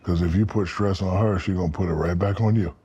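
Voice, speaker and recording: A man in his fifties tells stories as a podcast guest, with a low, dark, husky voice. He is profane and animated, and he acts out the people he quotes. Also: fast talker, dull audio. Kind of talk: storytelling in casual interview.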